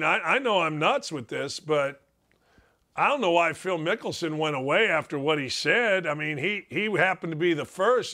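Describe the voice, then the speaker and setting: A man's voice: sits high, pushed and bright. A man hosting a sports talk show, ranting with sarcastic, emphatic opinions.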